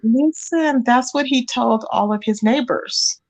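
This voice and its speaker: A woman with a fairly high voice speaks at a measured pace while hosting a livestream. She chats casually and animatedly about celebrity gossip, calling her listeners "child".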